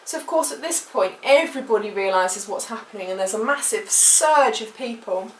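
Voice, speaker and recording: A British vlogger with a slightly high voice and lively intonation tells a personal travel story at normal speed. Her retelling is emotional and rambling, packed with fillers, recorded in an echoey room with the mic at a distance.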